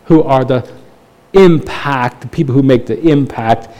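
A man's voice: medium pitch, a little slow, warm tone. A man preaching a sermon from Canada, talking in a conversational way, asking rhetorical questions and pushing up his voice for emphasis. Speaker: pastor.

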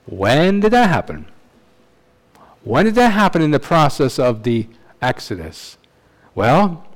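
Man preaching, fairly high voice. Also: low-quality recording. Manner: conversational teaching with frequent tag questions and restarts. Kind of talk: expository sermon.

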